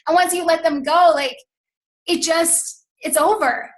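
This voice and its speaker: A woman's voice: very high-pitched, a little slow, reverberant. A woman giving an enthusiastic motivational talk on a video call as team coach, speaking casually with many fillers of "like" and calling listeners "you guys".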